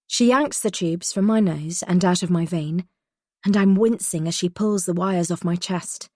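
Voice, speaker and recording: A woman reading a first-person thriller audiobook in a tense, measured way. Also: lowish voice, a little mellow, dry recording, studio quality. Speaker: audiobook narrator.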